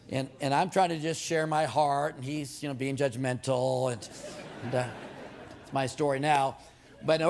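A male preacher with a fairly high voice delivers a sermon full of anecdotes. His voice climbs sharply as he drives points home, and he repeats words as he warms up. He jokes with the congregation throughout. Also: vocal fry, slight background noise. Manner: animated storytelling, jokes with the crowd, repeated words.

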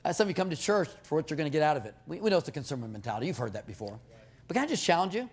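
Faint music plays behind a man whose slightly high, breathy voice races through a sermon. He tells animated, funny stories, jokes with the audience, and stumbles on repeated words as he builds his case.

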